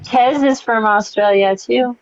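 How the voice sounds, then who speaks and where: A woman co-hosting a casual stream, easygoing and giggly. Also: a little high. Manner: easygoing, giggly, slow-talking. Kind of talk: casual live stream chat. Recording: dull dry stream audio.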